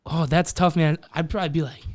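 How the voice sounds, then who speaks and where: A man's voice: a little high, steady tone, fast, dry recording, clean studio sound. A man co-hosting a podcast in laid-back casual chat, swearing freely. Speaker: podcast co-host.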